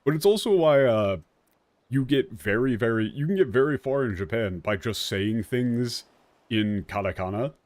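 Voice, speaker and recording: A man's voice: medium pitch, animated, normal speed, darkish tone, no room sound. A man streaming a video game, chatting casually in a rambling way and laughing often. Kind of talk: casual gameplay commentary.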